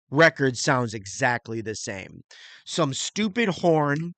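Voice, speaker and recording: Bright-voiced rambling middle-aged host. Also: male voice, medium pitch, lively intonation, moderate pace, no echo. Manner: rambling and crude, imitates beats with mouth sounds. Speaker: channel host reviewing music and movies. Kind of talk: casual solo vlog talk.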